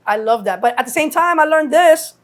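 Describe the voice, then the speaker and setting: A middle-aged woman from New York, a guest telling stories in a casual interview, acting out quotes with lively swearing. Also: high voice, fairly quick. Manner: animated storyteller acting out quotes, heavy cursing. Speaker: guest, mother of a rapper.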